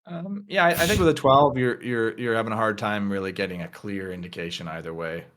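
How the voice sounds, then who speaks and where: A man narrating as game master of a tabletop game, relaxed and full of fillers. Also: lowish voice, brisk, a little hiss or hum.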